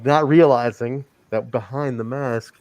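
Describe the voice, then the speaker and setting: A chatty man hosting a wrestling podcast, mid-pitched and talking easily through a mask he has on. He swears freely and laughs along with his co-hosts. The sound is dry and close, with no room behind it. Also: unhurried, darkish tone, dry recording. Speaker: podcast host. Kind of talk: casual wrestling review chat. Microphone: wearing a wrestling mask over his face.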